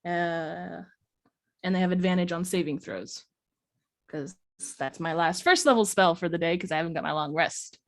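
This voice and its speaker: A woman playing a cleric in a tabletop game, casual and lively, explaining her spells. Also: on the low side, moderate pace. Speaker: player.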